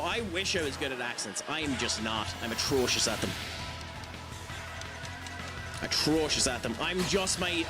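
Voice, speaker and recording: High-voiced chatty streamer man. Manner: chatty, laughs often, self-mocking. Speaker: game streamer reading chat. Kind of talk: casual live-stream chat. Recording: game music behind voice. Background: game music.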